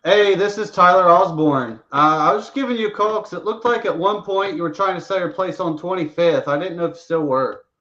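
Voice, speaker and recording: A man's voice: high-pitched, brisk, few pauses, sharp tone, highs cut off. A man making a friendly sales call to a property owner. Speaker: sales caller.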